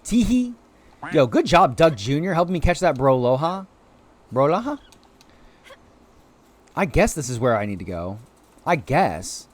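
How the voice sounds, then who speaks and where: An excitable man streaming a game live, chatting with viewers as he plays. His voice sits a little high and swings widely, leaping up in bursts of excitement. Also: a little slow, long pauses. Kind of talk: live gameplay commentary.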